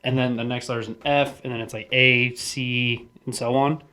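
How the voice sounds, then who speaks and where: A man's voice: mid-range voice, flat delivery, normal speed, sharp tone. Young man chatting casually on a podcast. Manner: swears casually, laughs while explaining. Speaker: podcast co-host. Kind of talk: casual chat.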